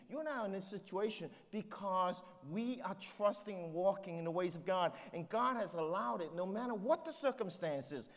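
A man's voice: high-pitched, in a large hall. A man preaching a sermon as pastor, driving points home with rhetorical questions.

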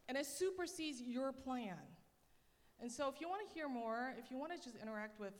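A woman missionary speaking to a church congregation in a chatty, animated storytelling manner. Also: sits high, normal speed, slight background noise. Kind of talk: church talk. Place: church hall. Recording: long reverb of a large hall.

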